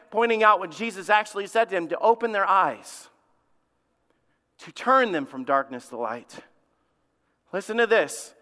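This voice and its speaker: A middle-aged man preaching a sermon as lead pastor, swinging between animated exclamations and hushed warnings. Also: high voice, clean tone, long reverb tail.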